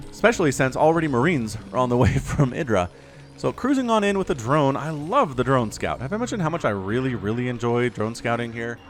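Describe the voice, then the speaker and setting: Soft music plays behind a male caster talking through a strategy game replay. He speaks fairly quickly in a mid-range, sing-song voice, joking around and slipping into asides as he chats.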